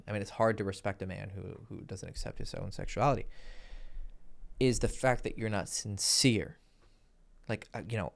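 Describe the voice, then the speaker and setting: A man's voice: fairly low pitch, a little mellow. A man giving crude, blunt dating advice in a casual, lecturing monologue, full of profanity. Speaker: dating coach.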